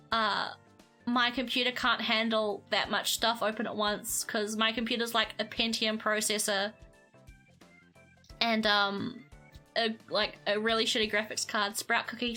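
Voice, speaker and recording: A woman's voice: high-pitched, sharp tone. A young woman streaming a game, giggly and effusive, often stumbling over her words. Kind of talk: casual live-stream chat.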